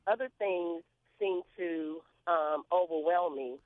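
A woman calling in to a radio show, speaking in a hesitant, halting way with many ums. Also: lowish voice. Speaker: caller. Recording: tinny phone line.

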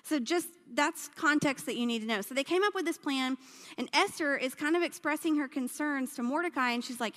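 A woman's voice: high voice, a little fast, a bit bright. Chatty woman preaching in an echoing hall. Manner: chatty and slangy, peppered with "like" and "um". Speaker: speaker teaching a Bible story. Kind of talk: casual sermon retelling a Bible story. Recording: long hall reverb.

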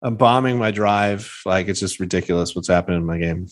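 A man in casual conversation, telling animated stories and acting out what people said. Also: sits low, fairly quick. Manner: animated storyteller, acts out quoted voices. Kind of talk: casual chat about golf.

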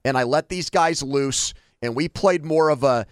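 A man's voice: on the high side, normal speed, no room sound, studio quality. A man co-hosting a sports talk show, giving strong opinions in casual debate with frequent restarts.

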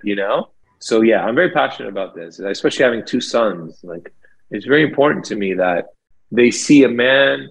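Gravelly, husky-voiced man. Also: mid-range voice, brisk, rough recording. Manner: enthusiastic, animated storytelling with many fillers. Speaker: lead singer of a band, guest. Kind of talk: casual interview chat.

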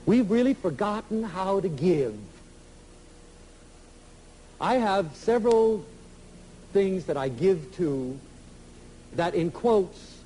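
An animated male lecturer with a high, lively voice that swoops through a wide range. He talks emphatically and slips into little acted-out dialogues. Faint noise sits under the recording. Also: poor audio. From United States. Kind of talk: inspirational public lecture.

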